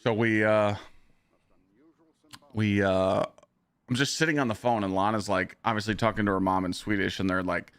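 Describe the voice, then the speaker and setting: A hoarse man chatting casually on a live stream and telling a story with animated energy. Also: fairly low pitch, normal speed, pauses often, no echo. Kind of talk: casual chat.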